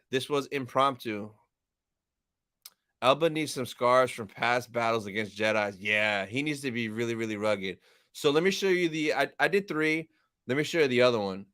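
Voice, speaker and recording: Here a young man runs a live stream, thanking viewers and going through chat in a cheerful, talkative manner. He has a clear, smooth voice pitched in the middle range with a fairly bright quality. The audio is dry and captured close to the mic.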